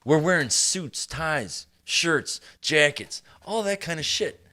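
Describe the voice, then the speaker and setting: A man with a deep voice hosting a podcast, talking casually with lots of swearing and laughter. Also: slow. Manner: animated, swearing, laughing often. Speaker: podcast host. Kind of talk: casual chat.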